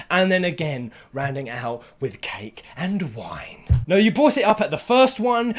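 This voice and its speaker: A man in full rant mode, swearing freely as his fury builds. His voice sits a bit high for a man and swings widely in pitch. He flares into near-shouts, then drops back to bitter muttering. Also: huge pitch swings, moderate pace, few pauses. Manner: heated and sweary, with bursts of shouting. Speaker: gaming vlogger. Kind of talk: angry rant to camera.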